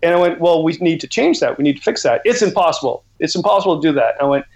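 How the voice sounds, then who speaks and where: A man's voice: fairly high pitch, racing, highs cut off. A middle-aged man from Canada, an outdoor educator and author, telling rambling stories as a guest on a casual podcast interview. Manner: rambling storyteller, animated and laughing.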